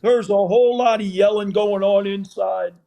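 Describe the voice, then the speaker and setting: A man's voice: sits high, moderate pace, vocal fry. An older man, a former football coach and guest on the show, telling stories casually and acting out the scenes. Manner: animated storyteller, acts out scenes. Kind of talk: casual anecdotal storytelling.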